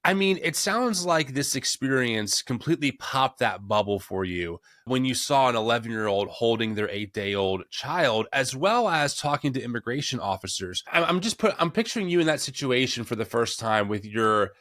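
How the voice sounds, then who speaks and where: A man's voice: mid-range voice, animated, moderate pace, few pauses, fairly bright tone, no room sound, clean studio sound. A man hosting a podcast interview who asks questions reflectively, thinking aloud with restarts. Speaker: podcast host. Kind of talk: conversational interview.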